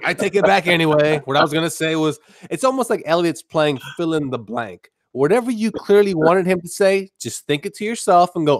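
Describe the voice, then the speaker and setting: A man's voice: a little high, lively intonation, fairly quick, hardly any pauses, dry recording, studio quality. Rambling man ranting on a live stream. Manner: rambling, ranting, with a sarcastic punchline delivery. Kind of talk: casual live-stream chat.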